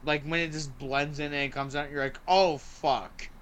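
A man chats casually as a podcast host. His voice is bright and forward. He rambles with eager energy, leaning on "like" and "um" between thoughts. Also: a little high, fairly quick, clean tone. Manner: excited and rambling, heavy use of "like" and "um". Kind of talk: casual movie review chat.

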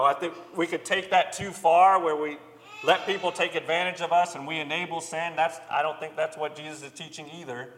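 An earnest man delivers a sermon in a plain, conversational way, stumbling now and then over repeated words. His voice sits a little high and sounds bright and forceful. The recording carries a long hall reverb. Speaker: preacher.

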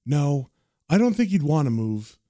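A man's voice: on the high side, sing-song, unhurried, warm tone, no echo, studio quality. A man voicing a tough young woman who stays defiant and fearless, speaking firm and clipped. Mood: chatty.

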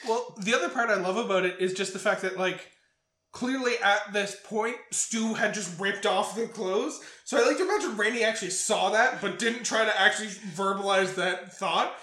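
A man's voice: high-pitched, moderate pace. A man co-hosting a podcast, swearing freely while he recaps a movie and acts out quotes. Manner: profane, animated retelling with acted-out quotes. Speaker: podcast co-host. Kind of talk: casual movie recap chat. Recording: roomy echo.

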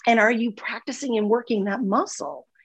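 A woman's voice: a little high, normal speed, husky. A woman, a former nurse, speaking as a guest in a casual podcast conversation, earnest and heartfelt, often repeating words. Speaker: guest, former nurse turned spiritual healer.

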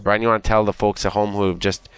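Easygoing Canadian podcast co-host. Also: male voice, fairly low pitch, flat delivery, fast talker, loud music behind the voice. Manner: easygoing, self-deprecating, chatty. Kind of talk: casual podcast chat.

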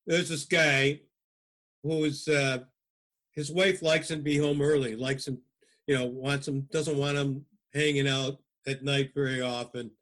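A man's voice: medium pitch, little pitch movement, a little slow, fairly bright tone. A male host chatting casually, often restarting his sentences. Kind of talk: casual chat.

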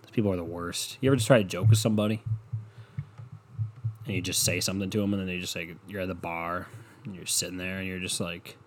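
A man's voice: low-pitched, fairly even intonation, fast talker, a little hiss or hum. A young man hosting a casual solo podcast, ranting with lots of swearing, mocking people and laughing at his own jokes. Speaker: podcast host.

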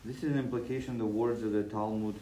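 A man reading a text aloud in a class, careful and measured. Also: lowish voice, steady tone, mellow. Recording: roomy, distant mic, faint noise.

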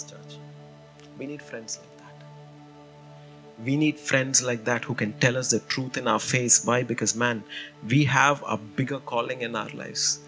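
Male pastor, animated sermon storyteller, bright tone over soft music. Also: mid-range voice. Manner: animated storytelling, frequent "you know" and "man".

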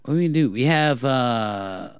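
A young man co-hosting a podcast, chatting casually in a rambling, self-deprecating way and clearing his throat often. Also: mid-range voice, animated, normal speed, no echo. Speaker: podcast co-host. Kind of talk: casual chat.

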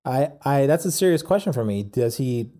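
A man's voice: medium pitch, animated, moderate pace, mellow. A man co-hosting a podcast in casual chat, chatty and full of questions. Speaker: podcast co-host.

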